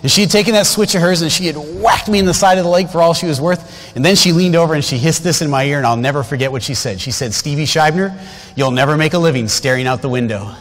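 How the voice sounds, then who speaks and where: A man's voice: fairly high pitch, quick pace, hardly any pauses, fairly bright tone, a little hiss or hum. A man in his fifties preaching a storytelling sermon, folksy and conversational, with frequent asides to the congregation. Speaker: guest preacher. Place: large church sanctuary. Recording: long church hall reverb.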